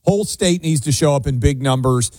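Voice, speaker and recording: A man's voice: mid-range voice, brisk, a little mellow, no room sound. Tennessee-born male co-host, easygoing and thoughtful, dry close mic. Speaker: radio co-host. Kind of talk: talk radio chat.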